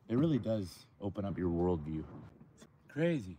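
Lively low-voiced man. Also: fairly quick, slightly rough, no room sound. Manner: animated, joking and rambling. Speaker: live-stream host. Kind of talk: casual live-stream chat. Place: outdoors by a lake dock.

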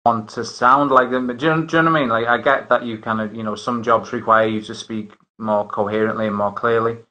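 A man's voice: medium pitch, fairly even intonation, brisk, bright, forceful tone, low-quality recording. Rambling man. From northern England. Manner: rambling, many restarts and fillers. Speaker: host. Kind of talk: casual chat.

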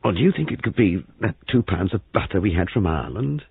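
A rueful young husband grumbles and reassures in a husky, gravelly voice, as a man acts him. His pitch rises and falls a lot. It sounds thin and lo-fi. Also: very animated, a little fast, no echo, exaggerated voice. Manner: rueful, gloomy. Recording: phone-like lo-fi reading.

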